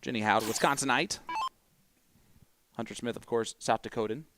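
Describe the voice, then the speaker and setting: A man's voice: mid-range voice, normal speed, bright, forceful tone, dry recording. A man commentating live darts, chatty and explanatory as he runs through the figures.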